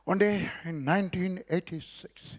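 High-voiced Indian preacher man. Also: a little slow. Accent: Indian English. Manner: repetitive, rhythmic preaching with hallelujahs. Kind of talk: sermon with personal testimony.

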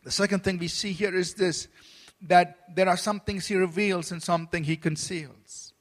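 High-pitched guy preaching a sermon in church, earnest, restarts and repeats himself, long hall echo. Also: steady tone, normal speed. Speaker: pastor. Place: church service.

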